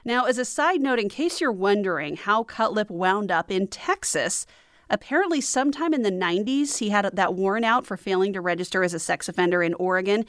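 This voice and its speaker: A woman host reading a case summary in a steady, scripted way. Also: mid-range voice, fairly quick, no echo, studio quality. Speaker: podcast host. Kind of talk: scripted narration.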